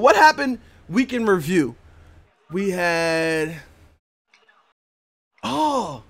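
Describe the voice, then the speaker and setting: Male podcast host, casual and relaxed, slightly higher voice, repeats lines. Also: takes it slowly, pauses often. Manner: laid-back, laughs often, repeats himself. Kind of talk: casual chat.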